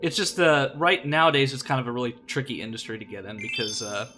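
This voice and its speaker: A young man with a Midwestern accent talks loosely over loud game music as he streams. His sentences wander and fill up with "like" and "uh". His pitch sits in the middle, the easy drift of a casual live stream. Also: steady tone, fast. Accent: American Midwestern. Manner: rambling, many fillers like "like" and "uh". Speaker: streamer playing a video game.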